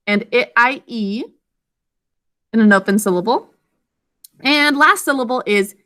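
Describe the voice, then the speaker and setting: A woman teaching an online reading lesson over a video call, sounding out words slowly and clearly syllable by syllable. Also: a little high, fairly bright tone.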